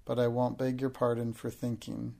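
A proud, imaginative young girl speaks with calm, grand politeness, read by a man. His voice stays gravelly and fairly flat, barely shifted for the girl. It is a storybook reading. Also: mid-range voice, moderate pace, close to an everyday voice. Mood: composed.

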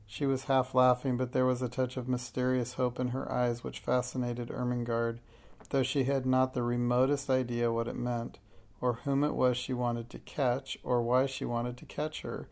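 Gravelly-voiced male audiobook narrator. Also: medium pitch. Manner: measured, even storytelling. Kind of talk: scripted narration.

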